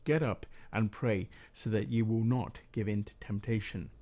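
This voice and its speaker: A man reads the part of Jesus in a grave, measured way, his voice mellow and low-key. The tone stays plain and even, like a reader's. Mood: solemn.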